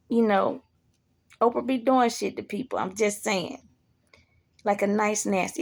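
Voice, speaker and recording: A woman's voice: medium pitch, unhurried, vocal fry, long pauses. A woman talking casually to camera in a blunt, profane way, animating the people she quotes. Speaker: vlogger. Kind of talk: casual monologue.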